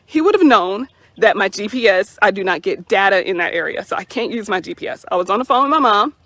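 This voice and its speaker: A woman's voice: mid-range voice, expressive, quick pace, fairly bright tone, dry recording. A woman vlogger emotionally retelling a personal incident. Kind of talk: personal storytelling to camera.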